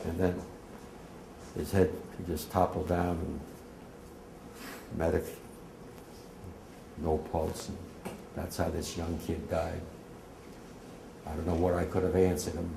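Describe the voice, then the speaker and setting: A man's voice: low-pitched, level tone, takes it slowly, gravelly, pauses often, noisy background. A man, a war veteran giving emotional, vivid personal testimony to a class. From New Jersey, USA. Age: 80s. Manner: vivid, emotional storytelling with emphatic outbursts. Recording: echoey room.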